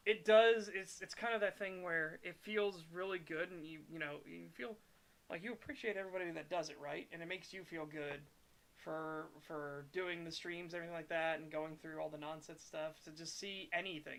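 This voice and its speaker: A man co-hosting a casual podcast chat, animated and swearing, reading chat messages aloud. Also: a little high, vocal fry. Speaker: podcast co-host reading super chats.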